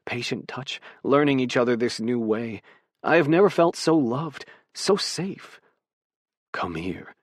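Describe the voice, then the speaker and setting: A man narrating a first-person romance audiobook in a soft, intimate, unhurried way, close to a studio mic in a recording booth. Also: medium pitch, dry recording.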